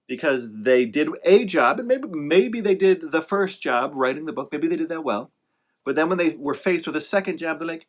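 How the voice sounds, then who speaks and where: An author, a man with a fairly high voice, lively intonation and a normal pace, gives casual motivational advice to writers. He rambles and corrects himself as he goes, staying emphatic and encouraging while throwing in sarcastic asides.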